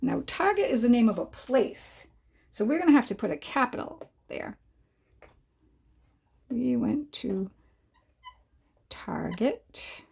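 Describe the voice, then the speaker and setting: A woman teacher giving a writing lesson to young children, talking slowly and clearly and sounding out each word as she writes. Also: on the high side, a little mellow. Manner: slow, clear dictation for young learners.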